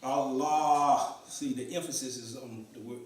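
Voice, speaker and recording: A man's voice: fairly high pitch, expressive, measured pace, slight background noise. A man teaching Arabic to a class in a mosque, often asking questions and repeating students' answers. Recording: echoey room, voice from far off.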